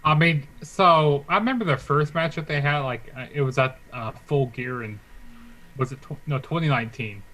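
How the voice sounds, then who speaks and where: A man's voice: on the high side, moderate pace, pushed and bright, poor audio. A man co-hosting a casual wrestling chat, talking loosely with lots of fillers and letting sentences trail off. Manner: chatty, filler-heavy, trailing off. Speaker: co-host.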